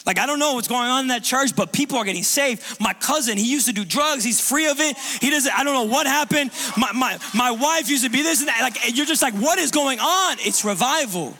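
A man preaching a sermon in a church, conversational and animated, with lots of restarts and casual fillers. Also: extremely high pitch, brisk, hardly any pauses. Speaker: pastor. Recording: long reverb of a large room.

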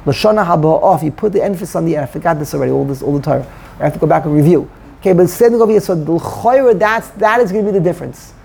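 A man's voice: fairly high pitch, rapid-fire, gravelly, dark tone, a little hiss or hum. A man teaching a Torah study class, explaining verses and mixing Hebrew terms into his English.

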